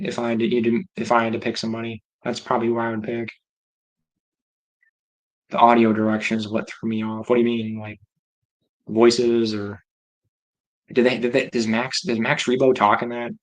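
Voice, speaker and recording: A man's voice: medium pitch, monotone, a little fast, poor audio. A man hosting a livestream, chatting casually and rambling as he reacts aloud to viewer comments. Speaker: livestream host.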